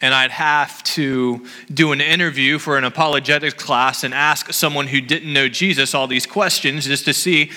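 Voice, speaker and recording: A man's voice: medium pitch, steady tone, normal speed, few pauses, bright, forceful tone, in a large hall. A man in his thirties preaching a sermon in an earnest, impassioned way. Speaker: pastor. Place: church hall.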